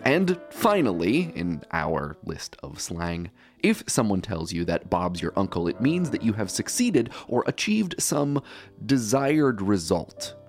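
A man's voice: lowish voice, sing-song, measured pace, faint music behind. A man hosting a podcast, reading wry, playful scripted narration. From United States. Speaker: podcast host.

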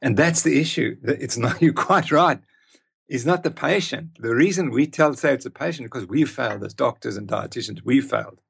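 Gravelly, husky older man. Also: mid-range voice, fairly quick. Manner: emphatic, storytelling. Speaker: guest expert. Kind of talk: conversational interview.

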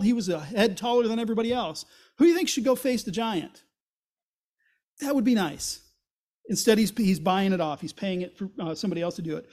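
A male pastor with a notably high voice delivers a sermon in church. He explains the passage conversationally, asks rhetorical questions, and briefly voices the characters he quotes. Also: a little mellow.

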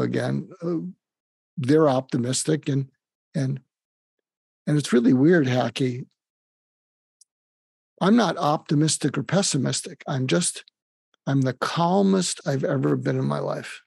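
An older man speaking as a psychiatrist guest in an interview, calm and halting, pausing often with fillers. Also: medium pitch, vocal fry, husky, no echo. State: facing terminal illness. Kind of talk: emotional conversational interview.

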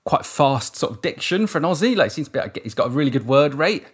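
A man's voice: on the high side, sing-song, racing, husky. A man with an English accent, a surf commentator chatting casually as a guest, rambling with restarts and casual swearing. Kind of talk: casual interview chat.

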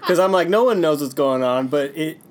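A man who is a podcast guest, chatting casually, soft-spoken, rambling and giggly. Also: fairly high pitch, animated, fairly quick, crowd noise. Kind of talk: casual chat.

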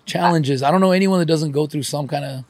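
A man's voice: fairly high pitch, fast, no echo. A man hosting a casual talk, reflective and reassuring, musing on life and expectations. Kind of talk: casual conversation.

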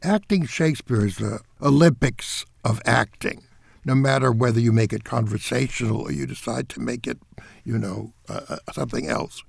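An older man, a theater director, giving interview answers in an emphatic, animated way. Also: medium pitch, moderate pace, gravelly, husky, no room sound, clean studio sound.

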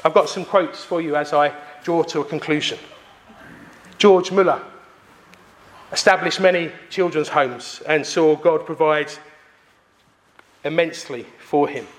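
Emphatic high-voiced preacher. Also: male voice. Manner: emphatic, pausing for effect. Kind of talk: sermon.

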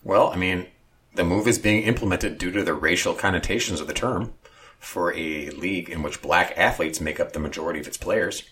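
A very deep male voice, low and heavy in tone. He co-hosts a talk show, reading news items and interjecting with dry, sarcastic jabs. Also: a little fast, bright, forceful tone. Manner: sarcastic, reads news aloud with asides. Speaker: co-host. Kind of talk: news commentary and banter.

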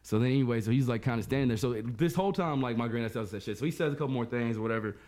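A man's voice: medium pitch, racing, a little mellow. A man hosting a podcast, telling a story in casual chat. He keeps checking in with "you know what I'm saying.". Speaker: podcast host.

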